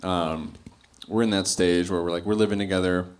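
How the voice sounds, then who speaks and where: A young man doing a stand-up comedy set on a club stage, telling stories in an animated way, acting out quotes and laughing often. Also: low voice, moderate pace. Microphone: handheld stage mic. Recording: live club recording with audible noise. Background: audience laughter.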